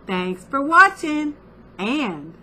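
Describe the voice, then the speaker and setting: A middle-aged woman talks through a craft vlog in a slow, drawn-out way. Her voice sits a little high and rings bright and forceful. She gushes warmly over each little thing she shows. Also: big pitch swings. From United States. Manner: effusive, gushing, chatty. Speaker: craft vlogger. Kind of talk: casual unboxing chat.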